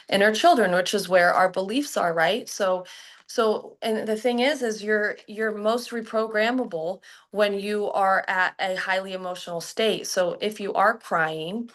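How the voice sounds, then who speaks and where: A young adult woman, a hypnotherapist, talking about healing in a casual, animated, slangy way. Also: medium pitch. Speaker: guest hypnotherapist. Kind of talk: casual podcast chat.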